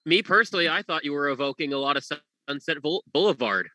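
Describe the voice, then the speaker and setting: A man on a video call giving measured, complimentary remarks. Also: on the high side, animated, bright, forceful tone. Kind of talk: casual chat.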